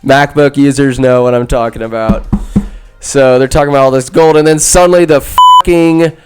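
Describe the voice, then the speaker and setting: A man's voice: mid-range voice, steady tone, normal speed, faint music behind. A man hosting a podcast, retelling a film in a rambling, profane, irreverent way and acting out the characters. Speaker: podcast host. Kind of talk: rambling comic movie recap.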